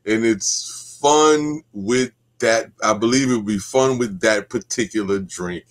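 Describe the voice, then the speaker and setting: A man's voice: lowish voice, measured pace. A man guesting on a casual board game show over a video call, laid-back and thinking aloud.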